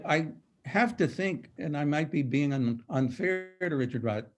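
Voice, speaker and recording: An older man giving a poetry lecture over a video call, reading verses slowly and dramatically before explaining them. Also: medium pitch, darkish tone.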